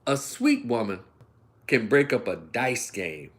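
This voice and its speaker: Middle-aged Southern man, opinion host, folksy and animated, voice leaps up and down. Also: medium pitch, slow pace. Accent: Southern American. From Memphis, United States. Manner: animated, acts out voices and imitations; folksy, addresses listeners as y'all. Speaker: commentary channel host. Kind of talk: ranting opinion commentary.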